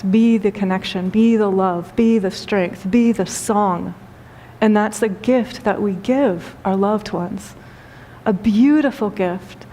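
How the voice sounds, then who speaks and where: A woman spiritual teacher giving a talk and telling a story, speaking gently with repeated phrases and frequent laughter. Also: mid-range voice, slight background noise. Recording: long hall reverb.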